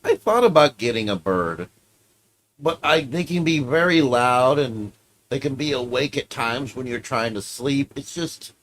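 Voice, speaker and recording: A man's voice: mid-range voice, a bit bright, slight background noise. A man streaming casually, reacting to clips with offhand, profane commentary.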